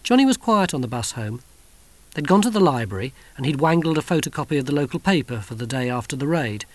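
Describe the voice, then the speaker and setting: A man reading an audiobook in an expressive style, voicing many characters. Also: mid-range voice, quick pace. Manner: expressive, animated. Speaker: audiobook narrator.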